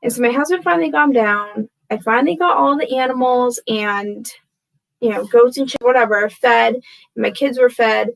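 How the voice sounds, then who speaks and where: A woman's voice: fairly high pitch, moderate pace, vocal fry, a bit bright, low-quality recording. A woman in her thirties chatting casually to camera from home, rambling and self-deprecating, tired and frazzled, laughing often. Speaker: vlogger. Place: home room with torn wallpaper.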